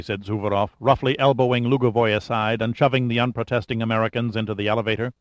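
A man narrating a thriller audiobook in a steady, measured way. His voice sits at a mid pitch, recorded dry and close with no room sound. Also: dry recording.

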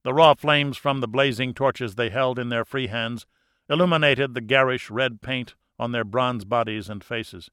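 Guy narrating a novel, measured and even, middle pitch, dry close mic. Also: clean tone, no room sound. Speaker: audiobook narrator. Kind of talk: scripted narration.

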